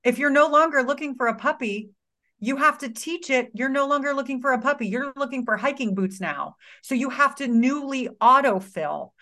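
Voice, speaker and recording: Woman guest, higher-pitched, chatty and affirming, casually profane. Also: normal speed, bright, forceful tone. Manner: affirming, frequent short agreements, swears casually. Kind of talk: casual chat.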